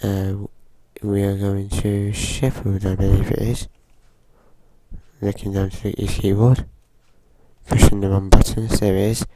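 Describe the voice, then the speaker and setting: A man with a groggy voice from a cold, giving slow, hesitant casual commentary while playing a driving game. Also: fairly low pitch, monotone, dark tone, slight background noise. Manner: slow, hesitant, with frequent fillers. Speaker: gaming channel host.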